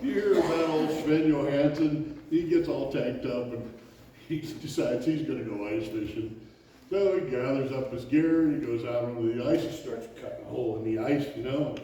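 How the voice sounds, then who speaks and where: An actor on stage playing a talkative bachelor fishing buddy who hesitates and restarts, recorded in an echoey hall from far off. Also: male voice, medium pitch, normal speed, lightly acted. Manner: animated, hesitant with fillers and restarts. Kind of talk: stage play acting. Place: theater stage. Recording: echoey hall, far from mic, faint noise.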